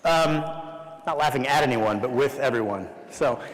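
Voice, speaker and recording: Halting male lecturer in an echoey hall. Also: mid-range voice. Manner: halting, many fillers and restarts. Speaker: guest lecturer. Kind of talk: academic lecture. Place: university lecture room. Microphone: lapel mic.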